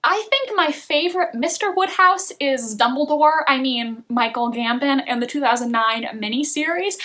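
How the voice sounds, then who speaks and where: A young woman hosting a book channel, casually giving her opinionated, chatty reviews of film casts. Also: sits high. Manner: opinionated, animated and chatty, with laughs.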